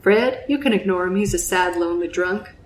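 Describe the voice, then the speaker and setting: A woman's voice: fairly low pitch, a little hiss or hum, close to an everyday voice. A woman doing a blunt village barkeep, odd accent. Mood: gossipy. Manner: quick, offhand, odd put-on accent. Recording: roomy echo.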